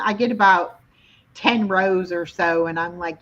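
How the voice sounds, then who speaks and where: A woman's voice: fairly low pitch, steady tone, unhurried, fairly bright tone. A middle-aged woman hosting a live stream, chatting casually and telling stories about herself. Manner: chatty, self-deprecating storyteller. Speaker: host of a weekly live stream. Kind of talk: casual chat. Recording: dull lo-fi stream audio.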